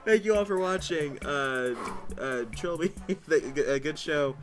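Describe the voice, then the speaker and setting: A man hosting a casual podcast chat, excitable and often acting out scenes in voices. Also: on the high side, a little slow, over music. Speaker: podcast host.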